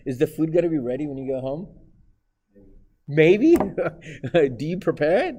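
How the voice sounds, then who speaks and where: A man's voice: fairly high pitch, warm tone. A man teaching math in a classroom, lecturing live and teasing his students with jokes.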